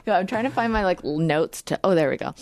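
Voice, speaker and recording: A woman's voice: lowish voice, animated, quick pace, a little mellow, no room sound, clean studio sound. A woman in her thirties hosting a podcast, chatting casually and laughing often. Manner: chatty, laughs often, reads ad copy smoothly. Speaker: podcast host. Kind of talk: casual chat. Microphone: studio microphone.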